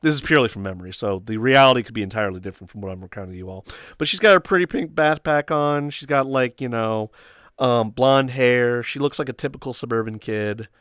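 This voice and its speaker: A young man hosting a casual chat with friends, telling stories with animated quoting and loud shrieked impressions. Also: medium pitch, fast talker, clean tone, no echo, studio quality. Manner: animated storytelling, acts out quotes in squeals and shrieks. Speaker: host.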